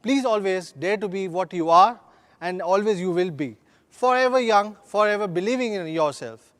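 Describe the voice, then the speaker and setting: A middle-aged man, speaking in a notably high voice. He reads a scripted launch keynote, leaning on slogans with a steady, rousing cadence. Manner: rousing, slogan-filled corporate pitch with measured emphasis. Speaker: company executive giving a product launch keynote.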